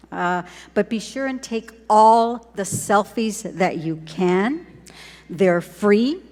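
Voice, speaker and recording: Woman, graduation speech, unhurried, encouraging, podium mic, long echo of a big hall. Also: mid-range voice. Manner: warm, encouraging, slow with deliberate pauses. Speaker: school superintendent giving a graduation address. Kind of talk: ceremonial speech. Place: large hall at a graduation ceremony.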